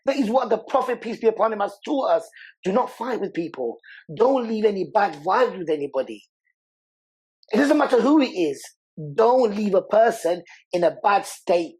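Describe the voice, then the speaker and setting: A man's voice: high-pitched, expressive, normal speed, a little mellow, husky, poor audio. A man speaks earnestly as a podcast guest. He talks with raw, passionate conviction and hammers his points home by saying them again and again. His delivery feels heartfelt and conversational rather than rehearsed. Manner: passionate, repeats words for emphasis. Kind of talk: emotional interview conversation.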